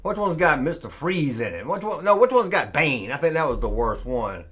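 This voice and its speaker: Sarcastic, lively man mocking old toys. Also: a little high, moderate pace, slightly rough. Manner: snarky, grumbling, swears casually. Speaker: host reviewing old toys. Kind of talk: casual sarcastic commentary.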